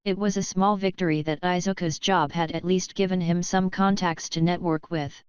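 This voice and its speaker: A woman reads a fan fiction audiobook in a calm, even manner. Her voice sits a little low and comes through very clean and dry. The recording sounds slightly dull. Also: moderate pace, clean tone, dry recording. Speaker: narrator.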